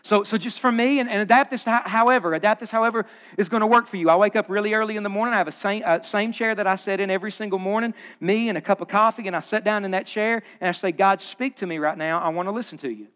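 Middle-aged male pastor, high voice, casual sermon swinging loud to hushed, live in a big reverberant church. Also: fairly even intonation, fast talker. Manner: conversational, swings from loud punchy asides to hushed low emphasis. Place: large church auditorium. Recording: long hall reverb.

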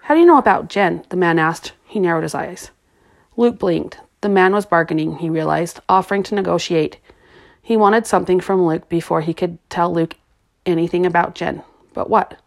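A woman narrating a novel in a steady, even storytelling voice. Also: on the low side, moderate pace, gravelly. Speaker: audiobook narrator. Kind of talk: scripted narration.

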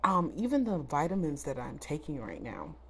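A woman's voice: low-pitched, big pitch swings, moderate pace, husky. Candid chatty woman podcaster. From South Florida. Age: 30s. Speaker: podcast host. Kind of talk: casual solo podcast monologue.

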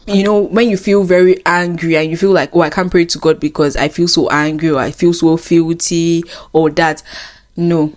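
A woman's voice: on the low side, fairly even intonation, a little mellow. A woman co-hosting a casual faith chat, earnest and teasing. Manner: earnest, teasing, quick laughs. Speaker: co-host.

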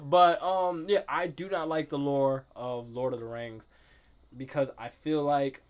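Man, slightly high voice, casual podcast chat, laughs a lot, slangy. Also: takes it slowly. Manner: laughing often, animated, slangy. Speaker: podcast guest.

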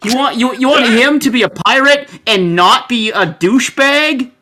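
Bright, excitable woman co-host. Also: a little high, normal speed. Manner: excitable, ranting, swears a lot. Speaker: podcast co-host. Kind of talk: casual podcast chat.

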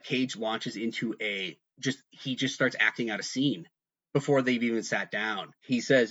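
A man chatting casually on a podcast, spinning an animated anecdote studded with "like". His voice sits in a middle pitch. The recording is slightly dull and lo-fi. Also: normal speed. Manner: animated storyteller, heavy use of "like". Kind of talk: casual chat, storytelling.

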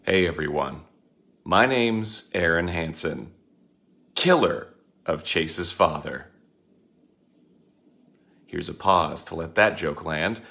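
Deep-voiced man reading an intro flatly. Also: takes it slowly, gravelly, pauses often. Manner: flat, unenthusiastic reading. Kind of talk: recorded podcast intro.

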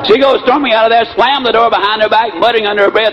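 Animated, fast-talking male motivational speaker. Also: high voice. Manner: animated, storytelling, folksy. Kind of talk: motivational speech with acted stories. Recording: muffled lo-fi with faint hiss.

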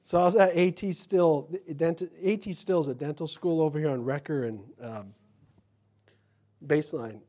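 A man's voice: a little high, normal speed, mellow. A middle-aged male pastor telling folksy personal stories in a sermon, acting out the voices of the people in them. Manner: folksy storytelling, acts out quotes.

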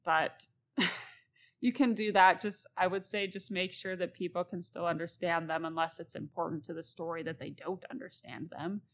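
A woman's voice: on the low side, fairly even intonation, moderate pace. A young woman hosting a casual solo talk on writing, chatty and rambling, laughing as she goes. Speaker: podcast host, novelist.

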